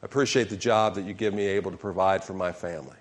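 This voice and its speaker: A man's voice: deep voice, steady tone, quick pace. A man preaching a sermon as pastor, calling questions out to the congregation and acting out sample prayers.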